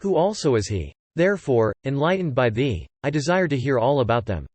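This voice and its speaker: An earnest young disciple from an ancient epic storybook, read by a man, pleading in formal archaic speech. The voice stays at a middle pitch and sounds dry and close. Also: sing-song, a little fast, darkish tone, breathy edge, no room sound. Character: devoted young male disciple seeking vengeance on a serpent.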